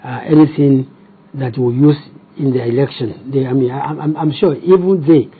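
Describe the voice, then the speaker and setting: A man's voice: medium pitch, moderate pace, slightly rough, narrow, tinny audio. A Nigerian-accented man speaking as a party spokesman in a TV interview, combative and firing off rhetorical questions.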